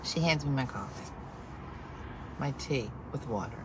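A woman telling a story on a live stream as a casual rant, exasperated and animated, swinging from quiet asides to loud outbursts. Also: very deep voice, a little slow, background noise.

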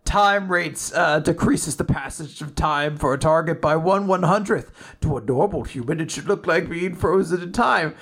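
A man's voice: fairly high pitch, normal speed, gravelly, few pauses, a bit bright. A man voicing an arrogant male villain with time magic, reading his lines as a puzzled, haughty questioner while recapping a comic. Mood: baffled.

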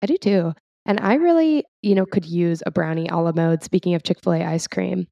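A young woman co-hosts a podcast in a casual, upbeat chat that rambles and laughs along. Her voice sits slightly low with a gravelly fry. The recording is close and dry. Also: a little fast, warm tone, no echo, highs cut off. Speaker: podcast co-host.

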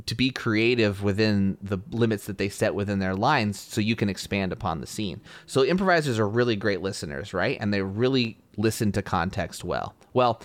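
A man hosting a podcast, telling a story in a casual, animated way and laughing often. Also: on the low side, no room sound. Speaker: podcast host.

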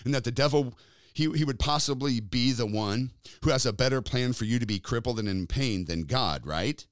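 A man's voice: medium pitch, moderate pace, no room sound, studio quality. A man preaching a sermon, telling a story and acting out the people in it. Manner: animated storytelling, acting out quoted voices.

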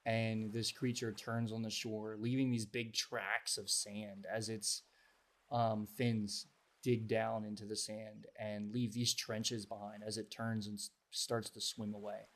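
A man's voice: fairly low pitch, level tone, unhurried. A man narrating a tabletop game as game master, describing scenes in detail. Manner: descriptive, evenly paced narration.

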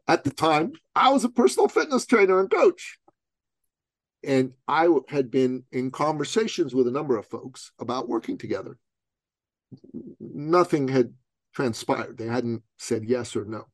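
A man's voice: medium pitch, animated, normal speed, no echo. A middle-aged man from Iran, a guest entrepreneur, telling a personal story in an interview with emphatic rhetorical questions.

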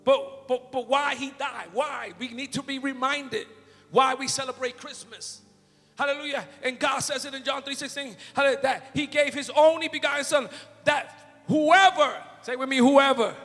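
A man preaching a fervent sermon in a church, shouting and calling out hallelujahs. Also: very high voice, fairly even intonation, moderate pace. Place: church sanctuary. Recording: long hall reverb with faint music.

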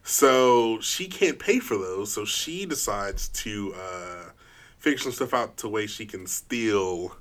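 Excitable man chatting on a podcast. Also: lowish voice, slow pace. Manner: excitable, laughs often, trips over words. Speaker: podcast co-host. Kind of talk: casual chat.

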